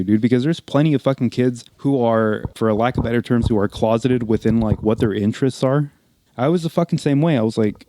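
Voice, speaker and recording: A man talks loosely on a group podcast, swearing constantly and circling through fillers. His voice is mellow and relaxed rather than bright. The recording is close and dry. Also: mid-range voice, a little fast, no room sound. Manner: heavy swearing, rambling with many fillers. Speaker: podcast co-host. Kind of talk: casual group chat.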